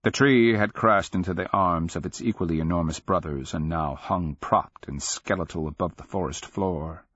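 A man giving steady, measured scripted narration of a fantasy audiobook, on a dull lo-fi recording. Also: sits low, husky.

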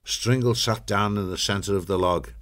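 A man narrating a storybook in a steady, measured way. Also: on the low side.

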